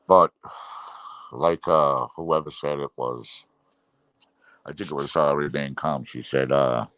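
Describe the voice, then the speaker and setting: Very deep-voiced man chatting on a livestream. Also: steady tone, slow, fairly bright tone, no room sound. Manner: rambling, frustrated, many fillers. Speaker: livestream host. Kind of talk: casual live chat reading viewer comments.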